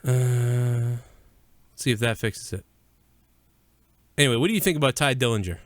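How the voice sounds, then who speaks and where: A man's voice: mid-range voice, normal speed, dry recording. A man co-hosting a live-streamed podcast in casual, crude banter, from the US Northeast. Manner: crude, profane, laughing banter. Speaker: podcast co-host.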